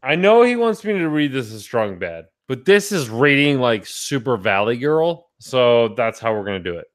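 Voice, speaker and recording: A man's voice: mid-range voice, big pitch swings, normal speed. A man co-hosting a casual podcast, joking around and swearing freely. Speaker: podcast co-host.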